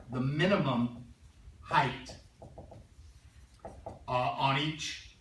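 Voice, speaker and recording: A male math teacher lecturing a classroom in a conversational way, often clearing his throat and checking in with his students. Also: mid-range voice, a bit bright, a little hiss or hum. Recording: roomy classroom sound from a distance.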